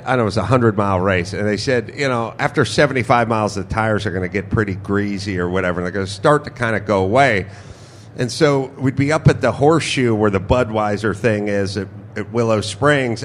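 A man who races cars, telling a lively story on a podcast at a busy trade show booth, acting out what people said. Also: slight background noise. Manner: lively, acts out quotes with rising pitch. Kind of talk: animated storytelling.

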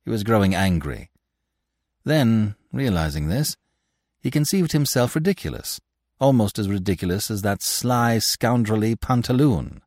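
A man narrating a classic novel for a podcast in a measured storytelling manner. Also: on the low side, animated, a little mellow, no echo, studio quality. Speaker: podcast reader.

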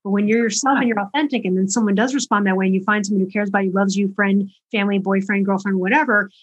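A woman hosting a casual podcast chat, an animated storyteller who acts out what people said and swears casually. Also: mid-range voice, quick pace, husky, dull audio. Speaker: podcast host.

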